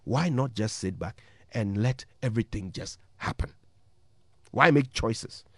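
A man's voice: fairly low pitch, a little slow, husky, no echo, studio quality. A man with a Ghanaian accent giving a motivational radio talk as a morning show host, telling a story and asking rhetorical questions.

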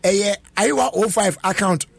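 A man's voice: high voice, moderate pace, vocal fry, slightly rough, dry recording. Chatty Ghanaian radio host man. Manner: chatty, laughs often, mixes Twi and English. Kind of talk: casual radio chat.

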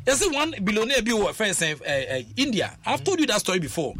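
A man's voice: sits high, big pitch swings, quick pace, a bit bright, slight background noise. A man talking emphatically on a radio panel, repeating phrases as he drives home his points. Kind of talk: animated radio discussion.

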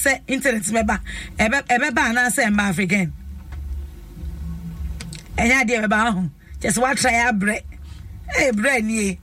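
A woman's voice: on the high side, fairly bright tone, husky, no room sound, recorded from a distance. A woman with a Ghanaian accent hosting a talk show, effusive and emphatic, stretching out her phrases. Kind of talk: lively talk show chat. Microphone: studio microphone.

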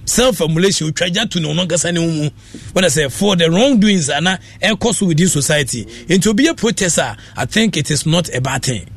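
Ghanaian guy on the radio, high pitched, rambles on switching between akan and english. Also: lively intonation, brisk, fairly bright tone, slightly rough. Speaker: radio show host. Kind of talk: casual radio commentary.

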